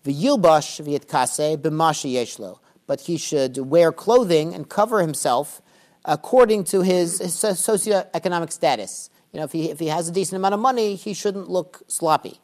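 A man teaching a Talmud class, reading Aramaic phrases slowly and explaining them in casual English with dry joking asides. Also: on the high side, a little mellow.

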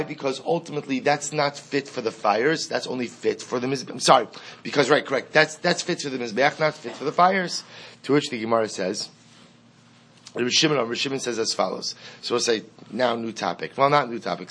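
A man leads a Mishnah class in a middle-range voice. He reads each line aloud, translates it, then goes over the point again, repeating the key phrase. He keeps asking the class questions and answering them himself. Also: mid-range voice. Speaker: Talmud teacher.

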